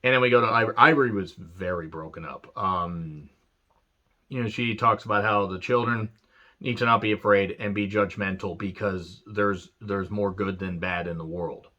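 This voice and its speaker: A man's voice: fairly low pitch, moderate pace, sharp tone, muffled recording. A man reviewing an old wrestling show in a casual, rambling rant, earnest and full of fillers.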